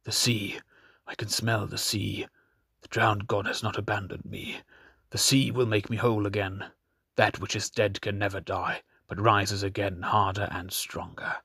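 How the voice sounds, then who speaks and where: A man reading as a weakened, fervent male priest with a rusty, thick-tongued voice, speaking low and intense. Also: level tone, measured pace, gravelly, sharp tone, husky, no room sound, clean studio sound, exaggerated voice.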